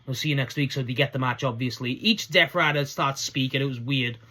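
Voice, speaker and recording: A man's voice: medium pitch, a little fast, sharp tone. A man giving a casual solo recap of a wrestling show, rambling enthusiastically and swearing now and then.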